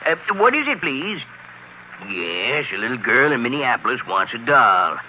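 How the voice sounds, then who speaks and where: A man's voice: medium pitch, very animated, a little slow, sharp tone, muffled recording, exaggerated voice. A man playing a hearty, chuckling, kindly old Santa in a 1940s radio play. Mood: jolly. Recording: old radio recording, faint hiss.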